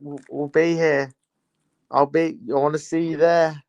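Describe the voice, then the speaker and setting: Chatty young man, clear voice. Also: on the high side, level tone, measured pace, no echo, muffled recording. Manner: chatty, teasing banter with chat. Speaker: livestream host. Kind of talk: casual live watchalong chat.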